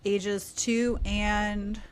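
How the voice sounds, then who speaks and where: A woman in her thirties, a podcast guest, telling a story animatedly in casual conversation and dropping into quieter asides. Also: medium pitch, little pitch movement, extremely slow, clean tone.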